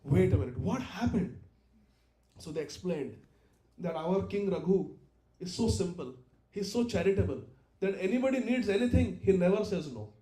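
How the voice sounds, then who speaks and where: A man teaching a scripture class, telling a story in an animated way, acting out the dialogue and laughing often. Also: high voice, moderate pace, roomy sound. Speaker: spiritual teacher.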